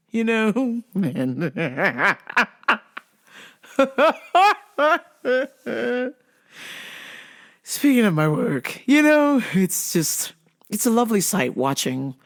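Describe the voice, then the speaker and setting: A woman hosting a casual show, telling stories in a profane, animated way and laughing often. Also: a little high, extremely slow, pauses often. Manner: animated storytelling, frequent laughter, heavy swearing. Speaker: show host. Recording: voice over background music.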